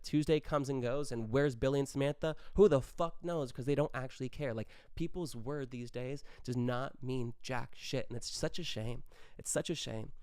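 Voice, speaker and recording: Animated young man, smooth clear voice. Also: medium pitch, no echo, clean studio sound. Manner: animated, acts out quick quoted exchanges. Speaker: podcast host. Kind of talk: casual solo monologue.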